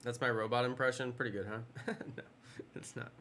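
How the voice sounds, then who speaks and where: A man's voice: mid-range voice, fairly even intonation, moderate pace, a bit bright. A man casually chatting with viewers during a game live stream, rambling and playful.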